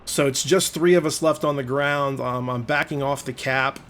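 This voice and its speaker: A man's voice: medium pitch, steady tone, moderate pace, a bit bright. A man narrating his own gameplay in a conversational voice-over, explaining each move and openly admitting when he gets frustrated. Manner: conversational, explaining play as it unfolds. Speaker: gaming video host.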